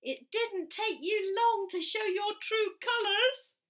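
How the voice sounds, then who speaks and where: A woman's voice: very high-pitched, slow pace, fairly bright tone, pitched above the performer's own voice, exaggerated voice. A woman squealing as a jolly elephant herd. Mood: delighted.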